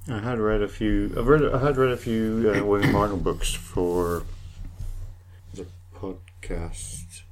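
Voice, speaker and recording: A man's voice: on the low side, fairly even intonation, unhurried, a little hiss or hum. A man co-hosting a podcast in casual chat, teasing and laughing often. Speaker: podcast co-host.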